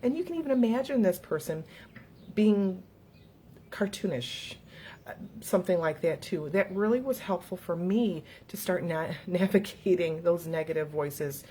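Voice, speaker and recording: A middle-aged woman hosts a casual motivational talk for viewers, earnest and encouraging and quick to laugh. Her animated voice is on the low side and mellow, at a moderate pace, with slight background noise.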